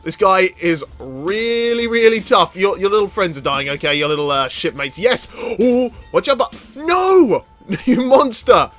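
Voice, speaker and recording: A man giving excitable let's play commentary, often laughing and shouting at enemies. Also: high-pitched, a little slow, few pauses, soft background music. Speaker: gaming YouTuber.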